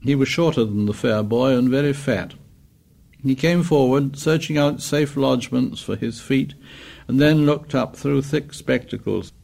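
A man narrating an audiobook in a measured, descriptive way. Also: mid-range voice, gravelly, a little mellow.

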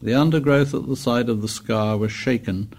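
A man narrating an audiobook in a measured, descriptive way. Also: medium pitch, a little mellow.

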